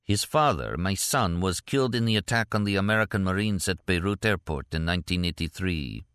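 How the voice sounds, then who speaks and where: A man's voice: low-pitched, lively intonation, a little fast, a bit bright, smooth, no room sound, clean studio sound. A man voicing a cold, proud old Egyptian. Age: older. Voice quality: terse, solemn and unyielding.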